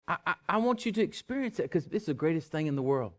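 A man preaching a sermon in a church, swinging from loud urgent calls to hushed pleading. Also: a little high, sing-song, quick pace. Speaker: pastor. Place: church sanctuary with live congregation.

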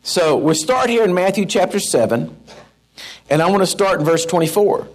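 A middle-aged man preaching a sermon in a folksy, animated way, with asides to the congregation. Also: high-pitched, normal speed. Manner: folksy, animated, with asides and shouted mock-rants. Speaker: pastor.

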